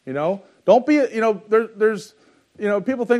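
A fervent male preacher with a high-pitched voice delivers a sermon. He reads scripture in old-fashioned wording, then talks to the congregation plainly and with humour, swinging from hushed, confiding asides to loud, rousing exhortation. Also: normal speed. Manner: plain-spoken and joking, laughs at his own asides. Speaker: pastor.

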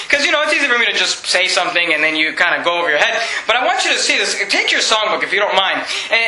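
Emphatic male pastor mid-sermon, high ringing voice, roomy church sound. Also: bright, forceful tone, slight background noise. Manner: emphatic, preaching with frequent restarts and read-aloud hymn lyrics.

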